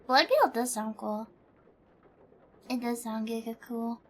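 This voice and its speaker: High-voiced chatty young woman streamer. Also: measured pace, slightly rough. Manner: chatty, swears casually, laughs often; plays a bug persona in her talk. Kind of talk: casual chat.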